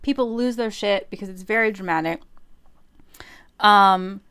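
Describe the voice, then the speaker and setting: A woman's voice: medium pitch, measured pace, clean tone. A woman casually retelling an opera plot on a podcast, acting out the characters' lines with playful, swearing humor. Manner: lively storytelling with playful quoted voices and swearing. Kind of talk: casual chat.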